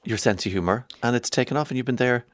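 A man's voice: medium pitch, fast, no room sound, clean studio sound. A man hosting an interview, asking chatty questions and finishing the guest's sentences. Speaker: interviewer, host.

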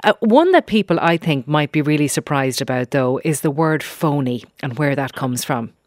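A woman's voice: low-pitched, expressive, moderate pace, no echo, clean studio sound. A woman hosting a radio interview, asking friendly, leading questions. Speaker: radio host.

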